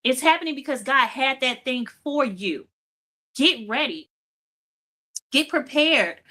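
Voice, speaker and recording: A woman's voice: high-pitched, lively intonation, unhurried, bright, forceful tone. A woman hosting a faith-based motivational talk show, speaking emphatically and repeating phrases for emphasis. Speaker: host.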